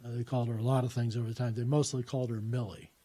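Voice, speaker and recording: A man's voice: medium pitch, little pitch movement, very fast, warm tone. A man telling a personal story in a conversational way, recounting what people said to him.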